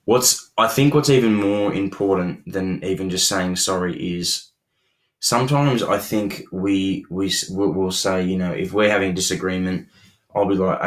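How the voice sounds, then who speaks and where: Young guy, lowish voice, earnest relationship advice, keeps restarting his sentences. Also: moderate pace. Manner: earnest, many restarts and repeated words. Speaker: podcast co-host.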